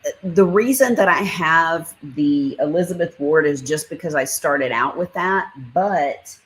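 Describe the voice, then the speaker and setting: A woman hosting a casual livestream chats and reads out comments, greeting viewers by name. Her voice is low, and the audio quality is poor.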